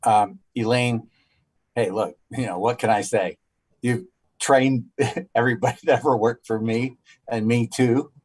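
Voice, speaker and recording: A man, a city councilor, giving an informal tribute at a council meeting, halting with many fillers and restarts. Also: mid-range voice, fairly even intonation, husky.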